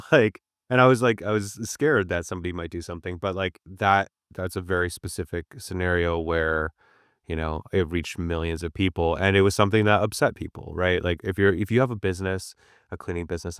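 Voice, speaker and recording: Brief: man, very low smooth voice, chatty guest, dry close sound. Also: fairly quick, no room sound. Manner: relaxed, chatty, storytelling with asides. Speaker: guest on a business podcast. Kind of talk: casual conversation.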